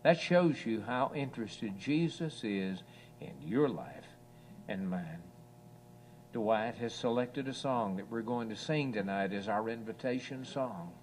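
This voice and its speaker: A man preaching an evening sermon to a church assembly, slow and earnest, rising in force on scripture quotes. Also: medium pitch, a little hiss or hum.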